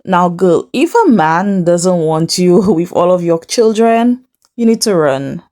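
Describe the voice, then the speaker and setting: A woman recaps reality TV in casual, animated chat, speaking slowly in a fairly low voice. She's sassy, acts out the people she quotes, and addresses the viewer directly.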